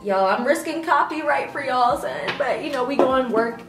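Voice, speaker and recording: A woman's voice: sits high, normal speed, fairly bright tone. A young woman talking to her viewers in a casual, slangy, joking way while she gets ready, a beauty vlogger chatting through her makeup routine. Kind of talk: casual get-ready-with-me chat. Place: room at home while getting her makeup done. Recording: roomy echo, distant mic, music playing. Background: music from a small speaker.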